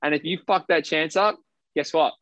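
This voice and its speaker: A man's voice: on the high side, normal speed, a bit bright, no echo. An Australian man, a professional basketball player, telling his story in a casual interview, emphatic and blunt, swearing freely. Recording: dry, slightly dull lo-fi sound.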